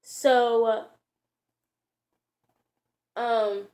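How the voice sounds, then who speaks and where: Woman vlogger, slightly high pitch, casual rambling storyteller, slangy and filler-heavy. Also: little pitch movement, very slow, dark tone. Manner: rambling, full of "like" and "you know", slangy.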